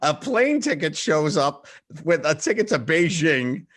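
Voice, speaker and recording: A man hosting a relaxed interview with a very lively pitch that swings up and down. He jokes and teases his guest as he goes. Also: measured pace. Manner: playful, joking, laughs often. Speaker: interview host. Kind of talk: casual interview chat.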